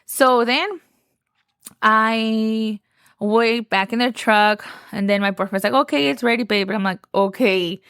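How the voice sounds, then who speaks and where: A woman's voice: a little high, steady tone, slow, a bit bright, clean tone, dry recording, clean studio sound. Chatty young woman, lilt. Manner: chatty, gushing, says "like" often. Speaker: podcast host. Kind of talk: casual storytelling.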